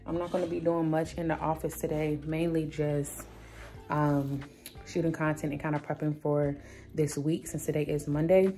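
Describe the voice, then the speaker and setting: A young woman talks casually and upbeat to her vlog viewers, greeting them as y'all. Her voice sits a little low and sounds mellow and soft-edged. Faint music plays underneath. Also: little pitch movement, moderate pace. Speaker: lifestyle vlogger.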